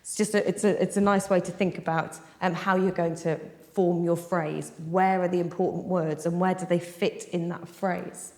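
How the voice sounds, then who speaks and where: A woman's voice: fairly low pitch, flat delivery, moderate pace, few pauses, darkish tone. A woman leading a music workshop for teachers, encouraging the group and chanting lyrics to a beat. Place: large echoey hall. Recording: echoey hall with long reverb.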